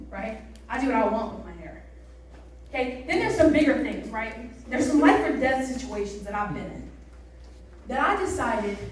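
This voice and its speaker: Animated woman preaching in an echoey hall. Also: a little high, a little hiss or hum. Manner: chatty, animated storytelling with the crowd. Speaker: youth pastor. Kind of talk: sermon. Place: church service hall. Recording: roomy echo, mic from a distance.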